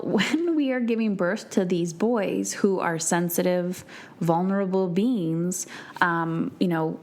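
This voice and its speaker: Earnest woman hosting a podcast. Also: fairly low pitch. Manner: earnest and conversational, with many fillers and acted-out quotes. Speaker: podcast host and parenting coach. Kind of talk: solo podcast talk.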